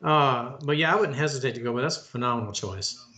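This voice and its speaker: A man's voice: mid-range voice, fast, bright, forceful tone. A man co-hosting a casual podcast, rambling and restarting his sentences as he chats. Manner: rambling, with many restarts and fillers. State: married. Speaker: podcast co-host. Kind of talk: casual chat.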